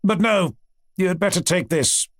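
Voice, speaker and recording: A man's voice: high voice, moderate pace, dry recording, studio quality, pitched above the performer's own voice. A man playing a clipped, condescending old-school professor. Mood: impatient. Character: stern pompous male examining professor.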